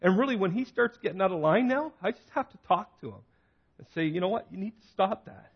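A man tells a story to a group about raising kids, talking loosely and full of asides. His voice is husky and a bit high. The recording is dull and lo-fi. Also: expressive, fairly quick. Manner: conversational, storytelling with many asides. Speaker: father giving a talk on parenting. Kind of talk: informal faith talk to a group.

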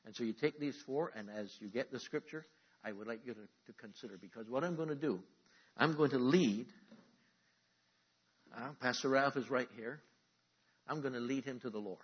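A man preaches a sermon with a slightly husky voice, asking his listeners to answer him and repeat lines back. His delivery moves between quiet explanation and forceful emphasis. The recording sounds dull and muffled. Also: mid-range voice, normal speed, long pauses. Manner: animated preaching, calls for audience responses. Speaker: pastor. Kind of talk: sermon teaching.

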